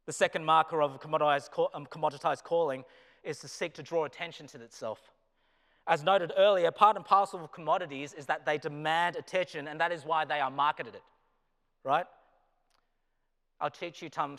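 An Australian man delivers a sermon in a chapel, his slightly high voice carrying a long reverb around the hall. He swings between loud, emphatic points and quiet, low asides. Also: fairly quick. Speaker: pastor and business teacher.

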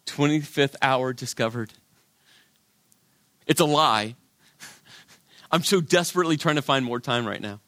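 A middle-aged male pastor preaching a sermon, his delivery swinging from loud, emphatic lines to hushed, quiet ones. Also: a little high, expressive, moderate pace, pauses often, dry recording.

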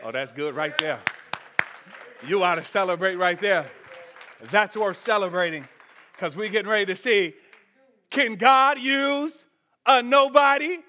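A man pastor preaching a sermon at a church service, animated, with shouted peaks, soft asides and humorous chat with the congregation. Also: sits high, normal speed, pauses often, some chatter behind, slight background noise.

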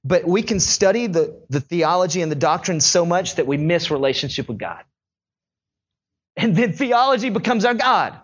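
A young male pastor preaching a sermon in a conversational, animated storytelling way. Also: high voice, normal speed, highs cut off.

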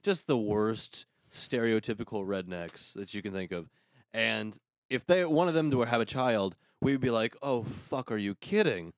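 A man hosting a casual comedy talk show, ranting sarcastically with quick asides. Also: fairly low pitch, no echo, clean studio sound. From United States. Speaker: podcast host.

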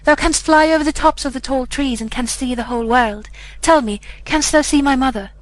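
Lady doing a sad outcast boy, begging and sorry, high voice. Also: brisk, lightly acted. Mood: pleading. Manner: pleading. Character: outcast boy, remorseful and pleading.

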